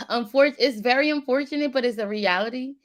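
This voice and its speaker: A woman from Philadelphia co-hosting a casual chat, speaking in a measured, thoughtful way that sometimes trails off. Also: on the high side. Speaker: co-host.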